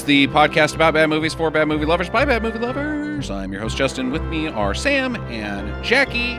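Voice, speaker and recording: A man's voice: a little high, big pitch swings, brisk, hardly any pauses, music in the background. A man hosting a podcast, upbeat and jokey, reading listener mail. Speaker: podcast host. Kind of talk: casual chat.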